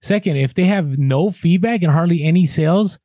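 A man co-hosting a podcast, telling stories in a chatty, animated way with lively asides. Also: on the high side, normal speed, dry recording, clean studio sound. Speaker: podcast co-host. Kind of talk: casual podcast chat.

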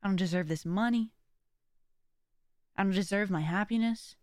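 A woman's voice: mid-range voice, normal speed, darkish tone, no room sound, studio quality. Chatty woman giving a faith pep talk. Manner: chatty, full of "like" and "kinda"; earnest and encouraging. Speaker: podcast host. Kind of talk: casual faith-based motivational talk.

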